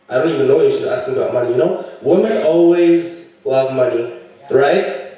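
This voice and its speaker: A man's voice: moderate pace, dark tone. A young man doing a crude stand-up set, telling stories and jumping into characters' voices. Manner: crude storytelling, acts out characters with jumpy pitch. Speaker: stand-up comedian. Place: comedy club stage. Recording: very echoey room, voice from far off the mic.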